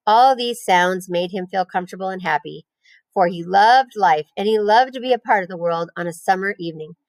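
A woman reads a children's novel aloud to her class at a middle pitch, gentle and unhurried. The recording is dry and close, with no room sound around her. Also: no room sound, poor audio.

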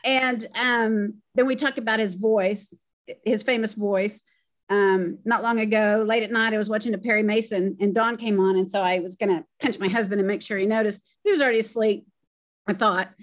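A woman's voice: mid-range voice, steady tone, moderate pace. A middle-aged woman, a fan guest, casually sharing memories in a reminiscing way on a video call. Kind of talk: casual remembrance chat.

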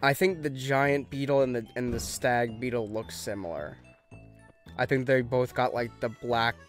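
A man's voice: mid-range voice, soft background music. Chatty young man commenting on a game. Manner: chatty, quickly frustrated, self-mocking. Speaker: let's play host. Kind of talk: casual gameplay commentary.

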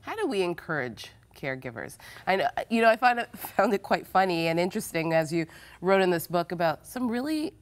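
Woman host, lowish voice, attentive, murmurs agreement while guest talks. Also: sing-song, brisk. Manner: attentive, frequent murmured affirmations. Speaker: talk show host. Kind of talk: Christian TV interview.

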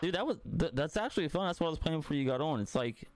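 A man's voice: fairly high pitch, expressive, racing. A young man gaming with friends, chatting casually, profane and joking over a headset. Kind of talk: casual party-chat banter.

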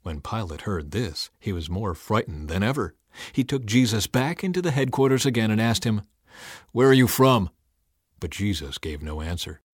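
A man reading the Bible aloud in a scripted, expressive and dramatic way. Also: fairly low pitch, normal speed, breathy edge, no echo, studio quality. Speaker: Bible reader.

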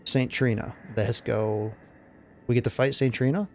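Excitable man narrating his gameplay. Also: mid-range voice, unhurried, slight background noise. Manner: casual, excitable, blurts out exclamations. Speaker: gameplay commentator. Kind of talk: let's play commentary.

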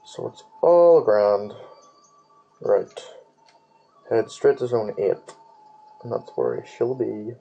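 A man's voice: lowish voice, expressive, slow pace, creaky, long pauses, warm tone, breathy edge, faint music behind, rough recording. A man giving casual gaming commentary while he plays, rambling, swearing freely and humming nonsense tunes. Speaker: let's play gamer.

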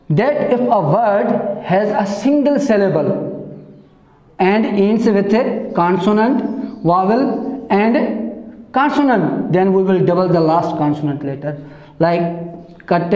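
A man's voice: high voice, echoey room, dull audio. A man teaching an English grammar lesson, explaining step by step and repeating words for emphasis.

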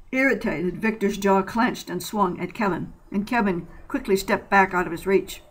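A woman narrates a short story in a plain, even reading voice, with now and then a small slip. Her pitch sits at a middle level for a woman, neither high nor low. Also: normal speed, few pauses, poor audio.

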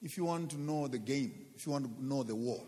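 A man's voice: mid-range voice, brisk, mellow. Man, preacher, sermon, emphatic, repeats himself, rhetorical questions, long hall reverb.

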